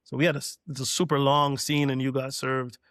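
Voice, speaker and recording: A man's voice: medium pitch, a little fast, no echo, clean studio sound. A middle-aged man from Canada, a DJ and producer, telling a long anecdote in a casual podcast interview and acting out what others said. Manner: relaxed anecdote-telling, acting out quoted dialogue. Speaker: guest, DJ and producer.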